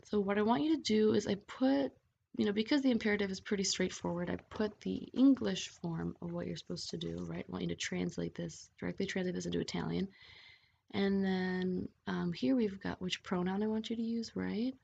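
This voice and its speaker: Woman teacher w a gravelly voice, keeps asking okay?, kinda muffled recording. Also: mid-range voice, steady tone, fairly quick, darkish tone. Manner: patient, checks in with frequent "okay?". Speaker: Italian language teacher. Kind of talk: explaining grammar over slides. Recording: dull lo-fi voice-over with faint hiss.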